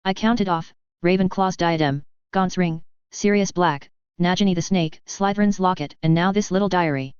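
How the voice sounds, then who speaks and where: Low, smooth female audiobook reader with wry delivery; dry, slightly muffled recording. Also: normal speed, few pauses, a little mellow, no echo. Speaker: audiobook narrator. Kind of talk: first-person fan fiction audiobook narration. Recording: dull lo-fi recording.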